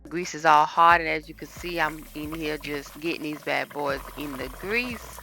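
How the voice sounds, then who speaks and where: A woman's voice: low voice, normal speed, bright, forceful tone, soft background music. A woman chatting casually to her viewers while cooking in her home kitchen, filmed on a phone. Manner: chatty, talks straight to viewers. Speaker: cooking vlogger. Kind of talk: casual cooking vlog chat. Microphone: phone camera.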